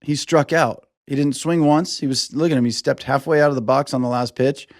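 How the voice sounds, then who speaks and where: Profane, animated male podcast host. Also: medium pitch, no echo, clean studio sound. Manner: animated, profane, acts out players in quick put-on voices. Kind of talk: casual sports commentary.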